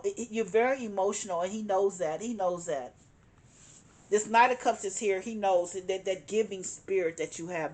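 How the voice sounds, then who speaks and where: A woman giving a tarot card reading, speaking emphatically, repeating her points and chuckling now and then. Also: mid-range voice. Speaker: tarot reader.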